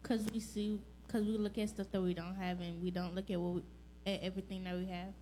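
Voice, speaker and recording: A woman's voice: medium pitch, level tone, a little fast, warm tone, slight background noise. A woman in a church class answering a question, heard from a distance. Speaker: class participant.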